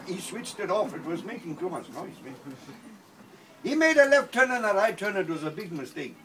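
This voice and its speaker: A man's voice: high voice, sing-song, normal speed, a little hiss or hum. A man telling a comic story full of quoted dialogue, then singing a funny song. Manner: rambling anecdotal storyteller, asides and quoted dialogue. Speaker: comedian and singer. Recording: distant mic with loud guitar.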